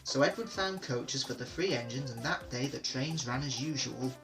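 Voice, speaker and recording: A man reading children's railway stories aloud in steady, clear narration. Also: mid-range voice, moderate pace, soft background music, poor audio. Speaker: reader. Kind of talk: storybook reading.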